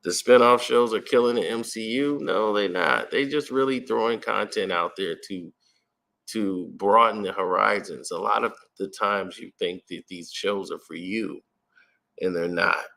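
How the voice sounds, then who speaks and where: A man with a very low, deep voice talks through a movie trailer in loose, conversational commentary. He speculates as he goes and leans on fillers and restarts. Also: moderate pace, gravelly, sharp tone. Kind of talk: casual commentary.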